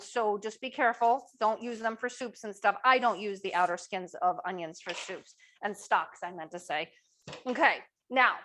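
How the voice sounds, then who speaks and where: A woman's voice: medium pitch, bright, forceful tone. A middle-aged woman hosting a live online cooking demo, upbeat and chatty, asking viewers to type answers in the chat. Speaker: cooking class host.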